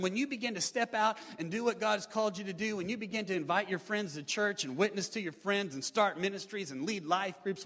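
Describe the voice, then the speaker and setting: A male pastor giving a live sermon, building to shouted emphasis with repeated refrains. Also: high-pitched. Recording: live sermon in reverberant hall.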